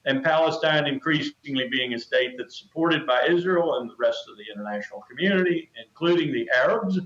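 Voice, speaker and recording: An older man giving a remote news interview as a guest, speaking in an emphatic, measured way and repeating phrases for stress. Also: a little high, fairly bright tone, reverberant, dull audio. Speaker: interview guest, retired colonel.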